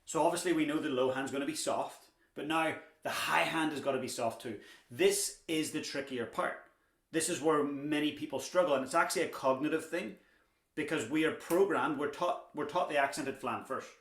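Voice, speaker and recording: A young man with a fairly high, slightly bright voice gives a drumming lesson at a moderate pace. He's chatty and encouraging and drops the occasional dad joke. The room is echoey, with clear background noise.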